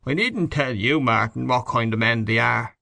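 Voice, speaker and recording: A man's voice: medium pitch, normal speed, vocal fry, sharp tone, dry recording. A man reading an audiobook and voicing a touchy, self-pitying middle-aged man who is easily offended. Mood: indignant. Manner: indignant, then coaxing and comical. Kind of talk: audiobook character voice.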